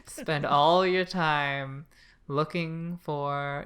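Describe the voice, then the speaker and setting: A man from Canada co-hosts a casual podcast chat with a bright, forward voice. He is blunt and sarcastic and swears freely as he gives his opinions. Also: medium pitch, a little slow. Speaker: podcast co-host.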